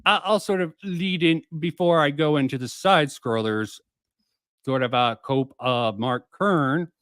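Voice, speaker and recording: A man hosting a livestream with a somewhat high voice, talking loosely and profanely with lots of "uh"s and restarts. The sound is dry and close, with no room around it. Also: measured pace, a bit bright, dry recording. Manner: rambling, profane, frequent fillers and restarts. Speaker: streamer and commentator. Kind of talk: casual livestream commentary.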